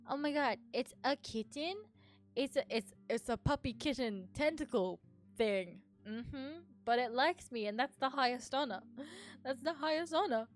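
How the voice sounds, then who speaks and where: A woman's voice: high voice, a little slow, faint music behind. Giggly gushing woman streamer. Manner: bubbly, giggly, swearing and gushing. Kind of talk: casual game stream, reading aloud.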